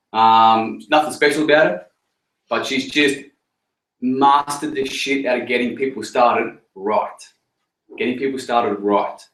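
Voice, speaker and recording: A man's voice: mid-range voice, fairly bright tone. A man giving a rousing motivational talk to a group and asking the room questions. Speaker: team leader at a training. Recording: echoey room, recorded from afar.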